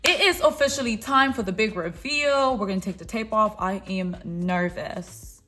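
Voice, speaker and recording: A woman's voice: mid-range voice, normal speed, pushed and bright, faint music behind. A young woman chatting through her makeup tutorial, playful and encouraging as she talks to her viewers. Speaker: beauty vlogger. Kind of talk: casual makeup tutorial chat.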